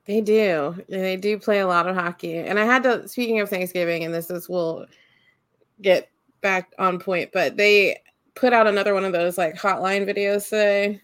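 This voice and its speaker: A podcast co-host from Central Ohio in relaxed conversation. Her voice is at a middle pitch and sounds dry and close, with no room around it. She rambles with plenty of fillers and slips in giggly asides. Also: moderate pace, no echo. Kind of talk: casual chat.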